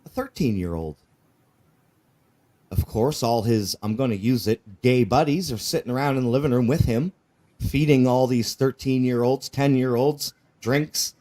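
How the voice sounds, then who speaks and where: A man's voice: medium pitch, moderate pace, dark tone. A man telling his personal testimony in an earnest, candid way, often repeating himself and asking "right?". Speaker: guest sharing his life story.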